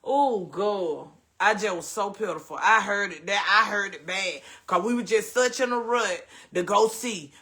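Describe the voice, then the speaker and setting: Hosting a casual chat with viewers, this man speaks with a Southern US accent and animatedly calls them baby and honey. His voice sits high and he talks at a normal speed.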